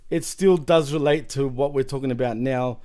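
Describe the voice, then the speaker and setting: A man's voice: medium pitch, moderate pace, dark tone. A man hosting a casual wrestling podcast, chatty and rambling, with frequent laughs. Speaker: podcast host.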